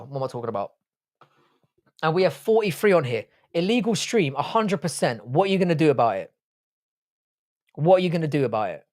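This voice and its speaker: A young English livestream host from England, with an English accent and a voice on the high side, chats bluntly and swears while reading viewer comments.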